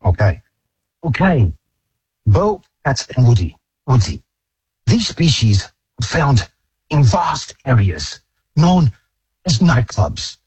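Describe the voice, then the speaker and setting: A caller doing an impression of an elderly nature documentary narrator, with slow, dramatic pauses. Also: male voice, medium pitch, sing-song, a little mellow, slightly rough, dry recording, exaggerated voice, poor audio. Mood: solemn.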